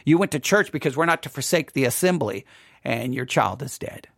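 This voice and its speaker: A man's voice: medium pitch, lively intonation, brisk, vocal fry, fairly bright tone, no echo, clean studio sound. A man speaking earnestly in a sermon-style talk, often repeating and restarting phrases. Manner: earnest, repeats and restarts phrases, rises when quoting cries. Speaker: preacher. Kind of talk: impassioned sermon-style commentary.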